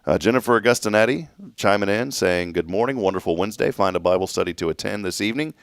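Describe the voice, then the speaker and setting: A man's voice: lowish voice, fast, gravelly, no echo, clean studio sound. A man hosting a local morning show, reading a prepared message and viewer greetings in a casual, joking way. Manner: reads shout-outs to viewers, jokes with his co-host. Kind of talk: reading a sponsor message, then casual chat.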